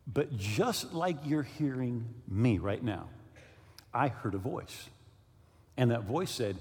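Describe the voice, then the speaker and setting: A man preaching a sermon as pastor, telling a personal story and reading scripture slowly and deliberately. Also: mid-range voice. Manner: storytelling with lively swings, slowing down for scripture reading. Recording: long hall reverb.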